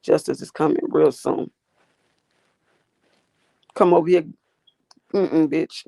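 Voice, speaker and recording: A woman's voice: sits low, fairly even intonation, slow, vocal fry, warm tone, no echo. A woman hosting a livestream from her phone, ranting at her chat in a profane, combative, sassy way. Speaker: livestream host. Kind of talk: casual live-chat rant.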